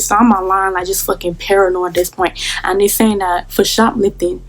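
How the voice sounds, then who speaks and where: A woman's voice: medium pitch, fairly even intonation, brisk, hardly any pauses. A young adult woman telling a casual story in a rambling, profane way, full of fillers. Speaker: vlogger.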